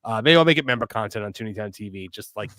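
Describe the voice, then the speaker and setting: A man hosting a casual wrestling podcast, reading viewer super chats and riffing on them, often trailing off quietly. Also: fairly low pitch, fast talker, dry recording, clean studio sound. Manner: animated, trails off quietly, mimics callers.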